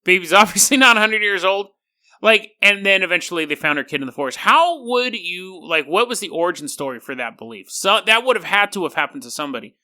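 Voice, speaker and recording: Bright, animated podcast host rambling. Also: male voice, sits high, fast, hardly any pauses. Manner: animated, rambling, laughing storyteller. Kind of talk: casual podcast monologue.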